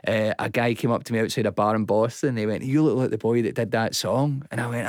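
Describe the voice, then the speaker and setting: A man's voice: mid-range voice, fast talker, few pauses, dry recording, studio quality. A man, a stand-up comedian, chatting in an interview and acting out the quotes in his stories. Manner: animated storyteller, acts out quotes. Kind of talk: casual interview chat.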